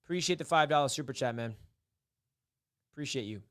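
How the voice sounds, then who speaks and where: Young ny dude live streaming sports talk, rambly and mopey-joking, smooth clear voice. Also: male voice, mid-range voice, brisk, a bit bright, no room sound, clean studio sound. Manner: rambling, mock-despairing, repeats himself.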